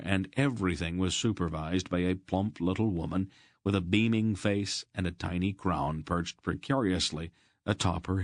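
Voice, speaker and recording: A man narrating a fantasy audiobook in an even, measured storytelling manner. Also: deep voice, dry recording, clean studio sound. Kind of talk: scripted narration.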